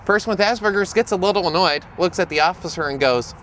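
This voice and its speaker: A man's voice: sits high, quick pace, a little hiss or hum. Humorous man telling stories outdoors. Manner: humorous, lively storyteller. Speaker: autism speaker and educator. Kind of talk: storytelling presentation to camera.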